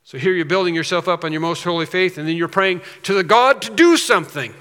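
A man's voice: sits high, fast talker, fairly bright tone, clean tone. A man preaching a sermon as pastor, emphatic, repeating phrases and rising on key points. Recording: reverberant hall.

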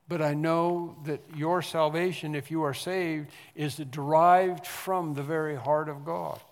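A man preaching a sermon, swinging from quiet explanation to loud emphatic lines and repeating phrases for stress. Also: on the high side, steady tone, a little slow, hardly any pauses. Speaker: pastor. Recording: long hall reverb.

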